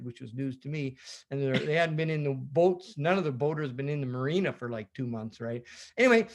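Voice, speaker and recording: A man giving a storytelling talk over a video call, animated and rambling, often chuckling as he goes. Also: on the high side. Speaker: sailor giving a presentation.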